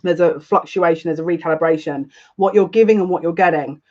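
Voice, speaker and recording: A woman's voice: lowish voice, brisk, dark tone, lo-fi sound. A woman giving a casual live psychic reading to viewers, chatty and rambling, often breaking into laughter. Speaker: psychic reader.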